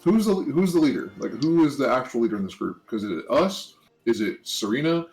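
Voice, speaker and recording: A man's voice: medium pitch, very animated, fairly quick, a little mellow, faint music behind, rough recording. A man co-hosting a let's play with a slight lisp, chatting casually, rambling and correcting himself as he goes. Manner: rambling, self-correcting, joking. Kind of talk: casual gaming chat.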